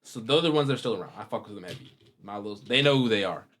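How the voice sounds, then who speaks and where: Casual young dude, bright voice, reaction channel host talking slang. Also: male voice, lowish voice, rapid-fire. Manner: rambling, slangy, animated with wide swings in loudness. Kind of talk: casual chat to viewers.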